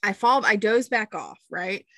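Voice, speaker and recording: Here a young woman with a medium-pitched, unhurried voice co-hosts a podcast, recorded dry. She chats easily, fills pauses with lots of "um"s, and brings her stories to life.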